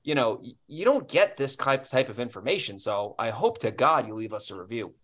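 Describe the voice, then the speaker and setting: A man with a New York accent co-hosting a podcast, telling stories in an animated way and swearing freely. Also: medium pitch, a little fast. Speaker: podcast co-host. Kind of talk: casual podcast chat.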